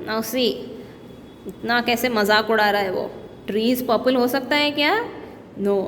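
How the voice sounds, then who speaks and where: A woman's voice: on the high side, expressive, very fast. A woman teacher with an Indian English accent, reading poem lines aloud and explaining them in simple words to young students. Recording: long-reverb room with faint background noise.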